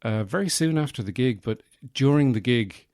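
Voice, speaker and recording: A man hosting his own podcast, rambling through a deadpan comic monologue full of mock bragging and fillers. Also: mid-range voice, normal speed, no room sound, clean studio sound. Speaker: podcast host, comedian.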